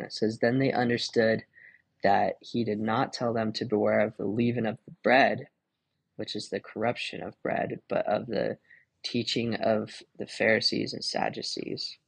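A young man hosts a casual devotional podcast, chatting and reading Bible verses in a mid-range, creaky, slightly rough voice. He laughs often and fills his talk with "like" and "um," and the recording is dry.

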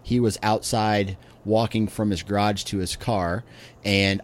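A man's voice: lowish voice, steady tone, measured pace. A man in his late thirties, co-hosting a podcast in casual chat, laid-back and laughing often. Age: late 30s. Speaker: podcast co-host.

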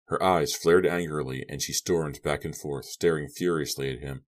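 A man reading a horror novel aloud as an audiobook narrator, in a measured, subdued way. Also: extremely low pitch, steady tone.

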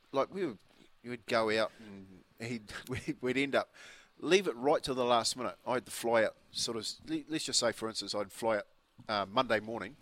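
A man's voice: medium pitch, a bit bright. A New Zealand man in his fifties, co-hosting a breakfast show and telling a rambling story full of restarts and laughter. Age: 50s. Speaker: radio co-host. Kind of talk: casual breakfast-show chat.

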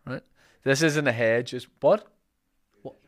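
Chatty Northern Irish podcast host. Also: male voice, mid-range voice, measured pace. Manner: chatty, joking, self-correcting. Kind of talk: casual podcast chat with ad reads.

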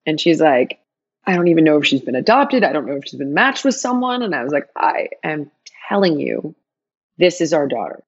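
A woman telling a personal story in an interview, animated, acting out quoted dialogue with big jumps in her voice. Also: low voice, fast, slightly rough, lo-fi sound.

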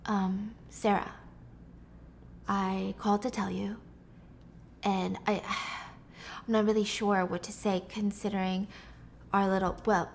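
A woman voicing a calm, hesitant doctor who speaks softly and carefully. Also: mid-range voice, creaky, slight background noise. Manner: soft, hesitant, measured.

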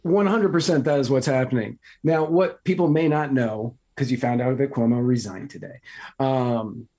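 Husky, mellow podcast co-host. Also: male voice, mid-range voice. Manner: explanatory, measured, wry asides. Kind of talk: casual political comedy chat.

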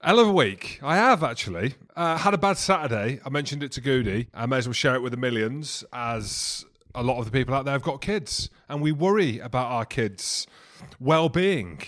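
A man's voice: medium pitch, animated, moderate pace, hardly any pauses, fairly bright tone. A man chats on a podcast in an easygoing, jokey way. He rambles through family stories and now and then slips into mock German for a laugh. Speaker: podcast co-host. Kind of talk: casual chat.

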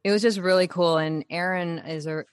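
A woman actress telling a story in a casual interview, animated and laughing as she talks. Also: lowish voice, brisk, smooth, no echo, studio quality. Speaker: actress guest.

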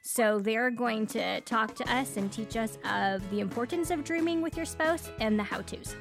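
A woman co-hosting a podcast, telling a personal story in an animated, expressive way. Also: a little high, moderate pace, creaky, over music. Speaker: podcast co-host. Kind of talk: casual podcast chat. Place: moved from Nashville to Canada.

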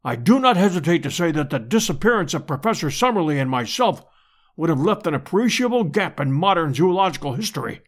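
A man's voice: fairly high pitch, big pitch swings, brisk. A man reading an audiobook and voicing a pompous, vain elderly professor who speaks in lofty formal phrases.

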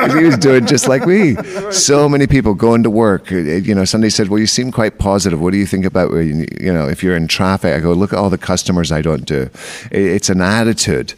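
A man's voice: low-pitched, lively intonation, brisk. A middle-aged man, a veteran hairdresser and stage artist, telling joking stories in a podcast interview. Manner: joking storyteller.

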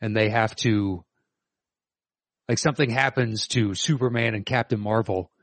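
A man's voice: lowish voice, fairly even intonation, moderate pace, no echo. Hesitant middle-aged male co-host. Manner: thinks aloud, hesitant with ums and likes. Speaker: podcast co-host. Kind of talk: casual chat.

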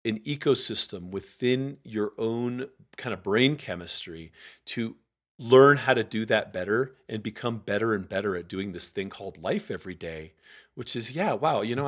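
A man, a guest author, talking casually in an interview and acting out quoted voices with lively energy. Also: lowish voice, normal speed. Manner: animated, acts out quoted voices.

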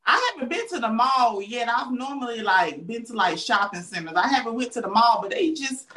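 A woman's voice: a little high, lively intonation, fairly quick, pushed and bright. A woman hosting an interview show, asking questions in an upbeat, chatty way. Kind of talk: casual interview. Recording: echoey, distant mic.

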